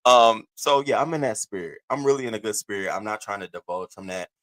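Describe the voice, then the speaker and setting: A man's voice: lowish voice, expressive, fast talker, a bit bright. A man in his thirties hosting a casual live stream, candid and profane, swinging between laughing and heavy moments. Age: 30s.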